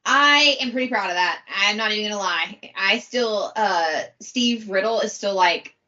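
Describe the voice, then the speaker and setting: A woman's voice: mid-range voice, normal speed, muffled recording. A woman co-hosting a podcast, chatting casually and animatedly about a film. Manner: chatty, animated, laughs often. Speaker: podcast co-host. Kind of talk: casual film commentary chat.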